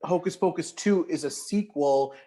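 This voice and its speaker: Eager co-host, a man with a slightly high voice. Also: normal speed, warm tone. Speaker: podcast co-host. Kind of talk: casual chat.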